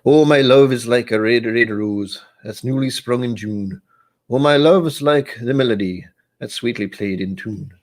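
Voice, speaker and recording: A sentimental poem reciter with a wavering accent that drifts between Scottish and Irish, as a man puts it on. The delivery is sing-song and deliberately overdone, lifting higher and louder on each tender line. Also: natural voice. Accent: put-on mix of Scottish and Irish. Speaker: livestream host.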